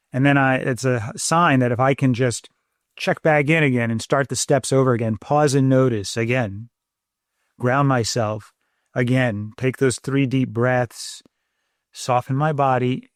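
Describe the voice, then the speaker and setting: A man co-hosting a parenting podcast speaks in a calm, measured way. His voice sits at a middle pitch and the recording is dry and close. He often pauses and repeats words as he thinks. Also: no echo. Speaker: podcast co-host, parenting doctor. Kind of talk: calm conversational explaining.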